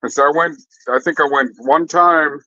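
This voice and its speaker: A man's voice: on the high side, moderate pace, bright, forceful tone, muffled recording. A man chatting casually with his viewers in a loose, rambling way, swearing freely and trailing off into fillers and restarts.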